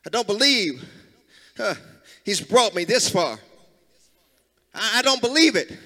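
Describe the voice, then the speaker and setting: A man's voice: high-pitched, big pitch swings, measured pace, sharp tone. A man preaching an impassioned sermon, with call-and-response lines and a sing-song, chanting delivery.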